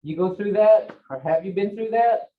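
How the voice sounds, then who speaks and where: With a mid-range voice at normal speed, an older female language teacher chats her way through stories and laughs a lot. She mimics the bossy orders she issues at home. The classroom sound is far off, echoey and dull.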